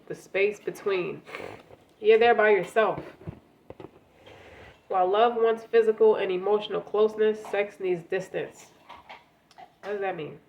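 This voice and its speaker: A woman's voice: mid-range voice, lo-fi sound, slight background noise. A woman with a congested, stuffy voice giving a casual tarot reading, talking straight to the listener and often repeating words as she goes. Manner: conversational, repeats words, speaks directly to the listener. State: congested from a cold. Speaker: tarot reader.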